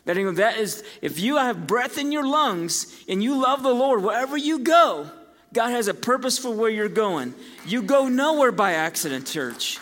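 A man preaching a sermon in a higher-pitched voice, moving between storytelling and loud emphatic peaks. His voice carries a long reverb from a church sanctuary. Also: sing-song, normal speed. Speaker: pastor.

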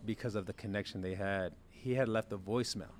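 A young man who played quarterback, telling stories in a casual chat and acting out quoted lines with sudden jumps in pitch. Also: brisk, slight background noise. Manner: animated storyteller, acts out quotes with big jumps in pitch. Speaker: former college quarterback guest.

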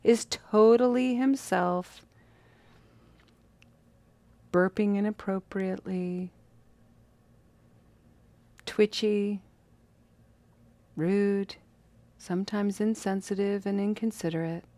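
A woman telling a story in a casual, lively, playful way with drawn-out phrasing. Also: medium pitch, dry recording.

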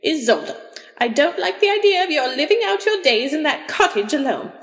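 Woman voicing a pushy worried mother, raised pitch, insistent, long reverb. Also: sing-song, normal speed. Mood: pressing. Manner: insistent, pleading. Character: fretful older mother pressing her daughter.

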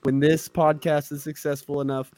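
A man's voice: a little high, little pitch movement, moderate pace, a little mellow. A man co-hosting a podcast in casual chat, rambling and effusive, swearing often. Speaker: podcast co-host.

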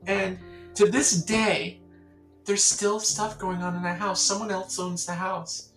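A woman's voice: mid-range voice, unhurried, roomy sound, faint music behind, rough recording. A woman from the Catskills, a songwriter, telling stories in a casual interview and acting out the people in them. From Catskills, New York. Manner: animated storyteller acting out quoted voices. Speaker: songwriter guest.

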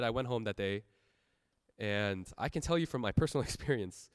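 A man's voice: medium pitch, smooth, no echo, clean studio sound. A young man giving an earnest, personal sermon testimony, laughing often as he talks. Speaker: church speaker giving a testimony.

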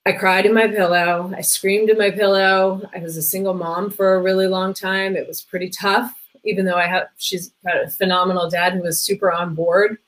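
With a mid-range, level voice, a middle-aged woman talks at a moderate pace and barely pauses. She's a parenting coach chatting as a podcast guest, heavy on "like" fillers and quick impressions of people she quotes. The recording is low quality.

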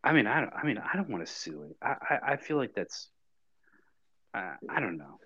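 A man co-hosting a podcast, telling a story in casual chat with a dry, deadpan manner. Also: medium pitch, fairly quick, breathy edge, no echo, dull audio. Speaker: podcast co-host.

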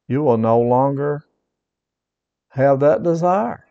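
A man's voice: mid-range voice, measured pace, mellow, big-room sound, lo-fi sound. A man who is a pastor giving an earnest personal testimony sermon, repeating his points and reading scripture aloud.

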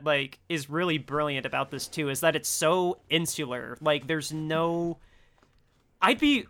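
A man's voice: a little high, sharp tone. A man co-hosting a casual movie podcast, jokey and hesitant, stumbling over his words. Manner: hesitant, stammering restarts, jokey. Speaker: podcast co-host.

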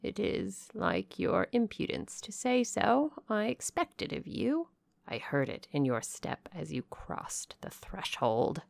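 A woman voicing a harsh-voiced old crone fortune-teller who speaks in a decided, probing, deliberate way, in a storybook reading. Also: medium pitch, huge pitch swings, vocal fry, dry recording, studio quality, heavily acted. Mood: mocking. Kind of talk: audiobook character voice.

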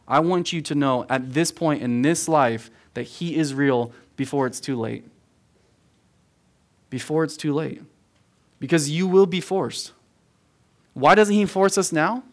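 An earnest youth pastor delivers a sermon in a room full of young listeners. His voice sits a little high for a man, and he leans hard on his words, repeating key phrases for emphasis and often calling his audience "guys". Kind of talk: verse-by-verse sermon to a youth group.

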